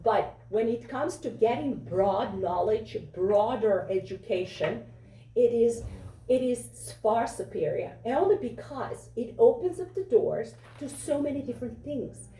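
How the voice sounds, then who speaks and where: A woman's voice: a little high, lively intonation, measured pace, warm tone. A woman from Europe with a foreign accent, giving an impassioned, repetitive campaign speech at a fundraiser. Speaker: political candidate. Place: fundraiser venue. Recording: echoey room from far off.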